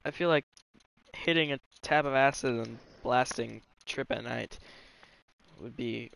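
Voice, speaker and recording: A man's voice: mid-range voice, unhurried, vocal fry, a bit bright. A young man in casual podcast chat, laid-back and profane, talking while he plays a game. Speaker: podcast co-host. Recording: dull lo-fi with faint hiss.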